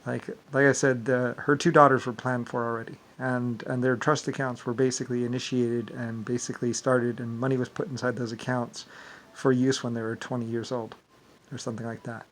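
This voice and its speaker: A man speaks in a loose, meandering monologue, restarting and repeating words as he goes. His pitch sits in an ordinary middle range. He sounds indignant and often swears. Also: little pitch movement, a little fast. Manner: repetitive, stumbling, filler-heavy; profane and indignant. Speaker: vlogger. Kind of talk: rambling monologue.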